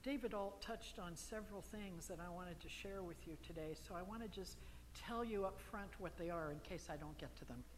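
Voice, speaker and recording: A woman's voice: fairly low pitch, fairly quick. A middle-aged woman minister preaching energetically, coaxing her congregation to join in. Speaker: guest minister. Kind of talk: sermon. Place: church hall. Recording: hall reverb with faint room noise.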